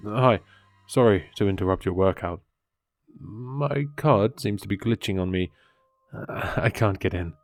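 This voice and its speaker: A man's voice: fairly low pitch, measured pace, no room sound, soft background music. A man voicing a polite young well-built man asking to be let in, in a pleading manner.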